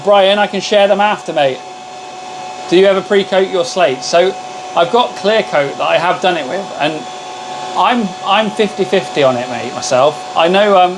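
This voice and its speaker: A livestream host with a fairly high voice chats casually from his home workshop full of laser machines, their hum running underneath. He greets his viewers and calls them "mate."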